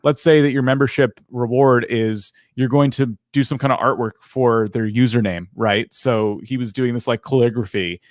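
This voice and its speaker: A man's voice: medium pitch, no echo, clean studio sound. A man co-hosting a live Q&A chat, giving practical advice in an easygoing way. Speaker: co-host.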